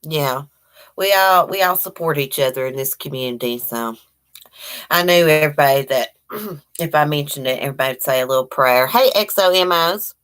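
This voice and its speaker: Lady from virginia, low voice, rambling live chat, greets everyone by name. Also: normal speed. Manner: chatty, greets viewers by name, warm and rambling. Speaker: livestream host. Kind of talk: casual live-chat morning talk.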